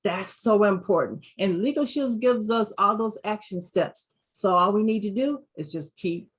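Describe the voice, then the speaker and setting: A woman from Georgia in the United States gives an enthusiastic motivational talk on a video call. Her voice is at a middle pitch. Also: moderate pace, husky. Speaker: segment presenter.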